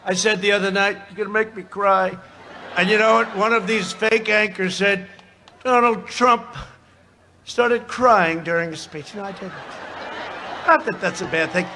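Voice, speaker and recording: A high-voiced man speaks at a moderate pace with a steady tone, giving a boastful, mocking rally speech full of rambling asides from a podium mic. He's at an outdoor campaign rally, and a large crowd cheers loudly behind him.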